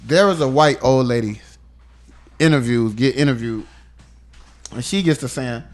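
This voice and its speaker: Animated, profane male podcast co-host. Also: mid-range voice, normal speed, pauses often. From Chicago area. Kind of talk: casual chat.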